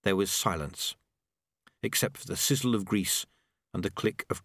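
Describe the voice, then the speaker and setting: A man reading a novel aloud in measured, expressive scripted narration. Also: sits low, dry recording. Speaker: audiobook narrator.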